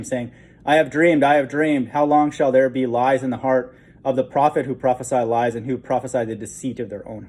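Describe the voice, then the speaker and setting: A man's voice: medium pitch, a little mellow. Casual man preaching over scripture. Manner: reads scripture aloud, adds frequent "okay?" asides, chuckles. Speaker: online preacher. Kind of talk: informal Bible teaching monologue.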